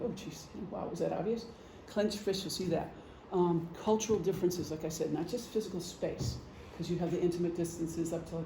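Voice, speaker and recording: High-voiced man presenting in an echoey room. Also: creaky, dark tone. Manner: conversational, explains with examples, frequent ums. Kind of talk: informal presentation to a group. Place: meeting room. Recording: echoey room, faint hum.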